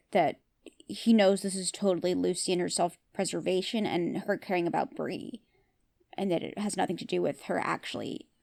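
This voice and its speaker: A woman's voice: mid-range voice, creaky, a little mellow. A woman with a voice of ordinary height hosts a podcast and recaps a TV episode scene by scene. She talks in a casual, chatty way and gives her opinion freely. She often turns to her listeners with questions. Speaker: podcast host.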